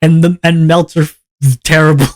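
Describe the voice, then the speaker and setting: A young man from Canada holds forth on his livestream in a loose, exasperated rant, cursing freely and laughing along as he goes. His voice sits a little higher than most men's. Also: normal speed. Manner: animated, exasperated ranting with swearing and laughter. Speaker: streamer.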